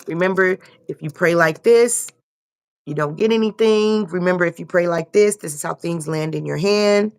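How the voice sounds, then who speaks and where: A woman's voice: lowish voice, normal speed, smooth. A young woman giving a loose, casual tarot reading and repeating herself often. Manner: loose, repetitive, swears casually. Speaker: tarot reader.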